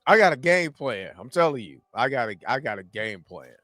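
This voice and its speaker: A man's voice: medium pitch, very animated, fairly quick, a bit bright, no room sound. An American man co-hosting a casual podcast, joking and laughing a lot as he banters. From United States. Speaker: podcast co-host.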